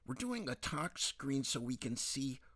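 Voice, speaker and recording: Man doing a calm, polite doctor. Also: medium pitch, no room sound. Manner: measured, courteous, says ma'am.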